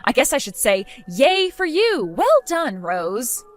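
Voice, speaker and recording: A woman voicing a fed-up young wife who answers her mother-in-law with mocking sarcasm, in an animated story drama. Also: a little high, moderate pace, soft background music. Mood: sarcastic.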